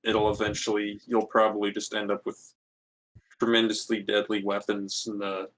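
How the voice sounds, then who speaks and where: A man's voice: on the low side, monotone, normal speed, fairly bright tone, rough recording. A man in a casual group chat about a TV episode, rambling and restarting his sentences. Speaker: watch-along participant.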